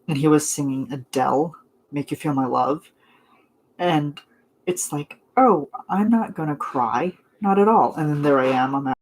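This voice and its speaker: A non-binary young adult streamer talks casually with viewers in a mid-range voice. They gush, ramble and fill gaps with little laughs and "um"s. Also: medium pitch. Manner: gushing, chatty, rambling with fillers and laughs. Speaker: vlogger chatting with viewers. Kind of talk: casual live chat.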